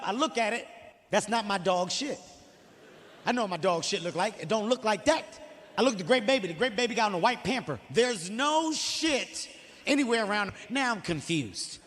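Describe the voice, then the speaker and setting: Brief: male stand-up comic, high voice, rapid profane storytelling, live hall reverb. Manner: animated, profane storytelling with acted-out quotes. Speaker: stand-up comedian. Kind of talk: stand-up comedy. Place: theater stage before an audience.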